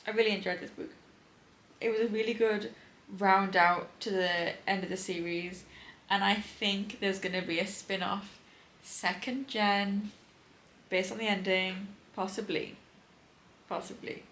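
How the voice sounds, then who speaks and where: A young woman chatting casually in a bright, crisp voice as she records a reading vlog at home. She sounds tired and laughs often as she talks. A faint hiss of room noise sits under her voice. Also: mid-range voice, flat delivery, unhurried, low-quality recording. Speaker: book vlogger. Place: home indoors.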